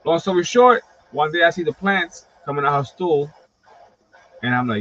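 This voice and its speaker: A man hosting a livestream, talking casually in an animated, profane storytelling style full of fillers. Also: on the high side, normal speed. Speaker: host of a wrestling collectibles livestream. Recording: slightly dull lo-fi stream audio.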